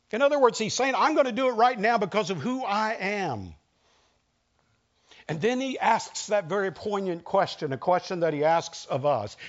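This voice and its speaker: Higher-voiced man preaching a sermon. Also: expressive, unhurried, long pauses, lo-fi sound. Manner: conversational preaching, acts out quoted lines. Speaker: pastor.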